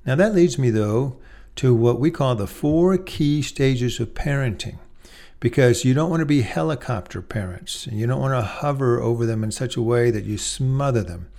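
A middle-aged man giving a faith-based talk on parenting, measured and emphatic, slowing down on key points. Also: medium pitch, mellow. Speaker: speaker on parenting.

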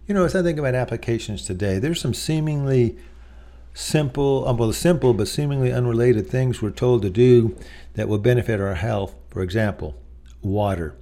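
A man's voice: medium pitch, moderate pace, mellow. A middle-aged man preaching a sermon in a conversational way, telling personal stories with many asides. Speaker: pastor.

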